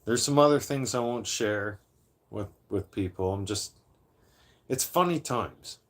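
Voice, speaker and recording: A man's voice: on the low side, a little slow. Late-thirties male livestream host, casual and profane, rambles through a story with lots of restarts. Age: 30s; late 30s. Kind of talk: casual storytelling to a live chat.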